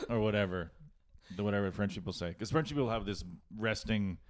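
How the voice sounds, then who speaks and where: A man's voice: on the low side, a little fast, a little hiss or hum. A man co-hosting a podcast, ranting in casual comedic chat, swearing a lot and putting on mocking voices. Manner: profane, ranting, mock voices. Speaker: podcast co-host.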